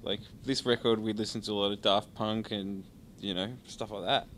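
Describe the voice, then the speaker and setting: A man's voice: on the low side, fairly even intonation, normal speed, fairly bright tone, slight background noise. An Australian man in a band, talking in a laid-back, sleepy way in an interview. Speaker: band member. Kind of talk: casual interview.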